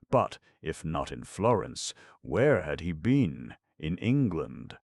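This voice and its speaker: A man narrating an audiobook in a measured, even storytelling manner. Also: a bass voice, no echo, clean studio sound.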